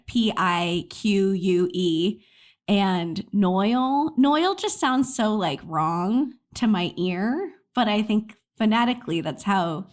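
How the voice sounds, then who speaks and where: An American woman co-hosting a podcast in casual chat, chatty and self-deprecating, laughing often. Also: mid-range voice. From United States. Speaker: podcast co-host.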